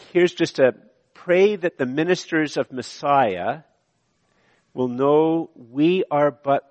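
A man's voice: mid-range voice, in a large hall. A male pastor delivering a sermon in a conversational way, with repeated phrases and asides to the congregation. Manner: conversational preaching with repetitions and asides. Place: church.

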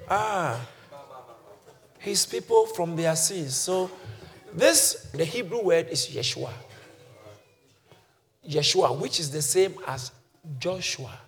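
A male pastor preaching with a high, highly animated voice that leaps from soft, low explanation to loud shouted calls. He teaches scripture in a sermon style, drawing shouted replies from the congregation. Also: slow pace, long pauses, soft background music. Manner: congregation shouts back responses.

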